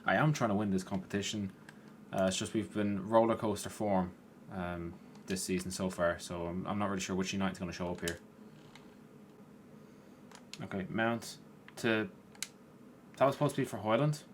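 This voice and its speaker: Tired lowish man commenting on his gameplay. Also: normal speed, long pauses, slight background noise. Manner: chatty, swears at players, rises in excitement. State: tired, yawning. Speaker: gaming YouTuber.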